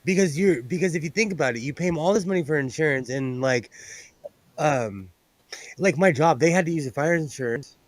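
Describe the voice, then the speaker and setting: A man's voice: a little high, brisk, no echo. Jokey man with a dry, close sound. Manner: rambling, jokey, self-deprecating. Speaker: guest. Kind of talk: casual chat.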